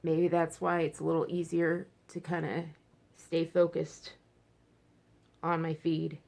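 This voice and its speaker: Creaky, rambling woman vlogging at home. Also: sits low, completely flat delivery, slow, darkish tone. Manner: rambling, frank, many fillers and restarts. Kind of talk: casual personal vlog. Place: at home, indoors.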